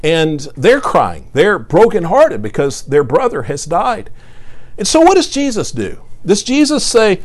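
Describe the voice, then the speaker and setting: Lively high-voiced male preacher. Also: unhurried. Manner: earnest, emphatic reading of scripture, repeats words. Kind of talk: sermon.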